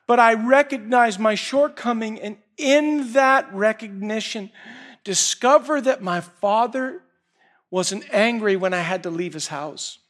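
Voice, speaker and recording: A preacher with a rather high voice delivers a sermon, speaking a little slowly. He tells the story dynamically, at times hushed and intimate, at other times loud and urgent.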